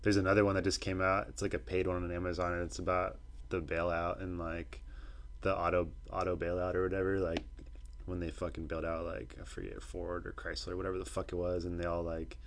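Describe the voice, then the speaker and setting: A man's voice: low-pitched, little pitch movement, fast talker. A young man co-hosting a podcast, chatting casually and profanely in a loose, rambling way. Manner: rambling, loose, puts on loud mocking voices when quoting people. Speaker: podcast co-host.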